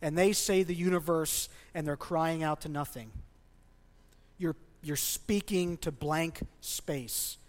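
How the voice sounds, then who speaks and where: A man's voice: a little high, takes it slowly. A male pastor in his thirties preaching a sermon with passion, pushing hard on his key points. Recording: long hall reverb.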